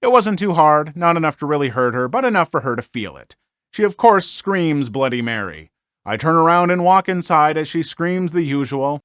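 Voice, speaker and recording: A man hosting a story channel, reading online stories aloud and commenting on them in an animated, exclaiming way with frequent filler words. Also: a little high, no echo, clean studio sound.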